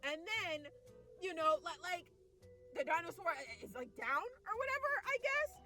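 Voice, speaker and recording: High, bright-voiced woman ranting in disbelief. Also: expressive, normal speed, faint music behind. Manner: exasperated, rambling with many fillers and restarts; mocking quoted characters in exaggerated voices. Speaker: vlogger ranting about a movie. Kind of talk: casual rant.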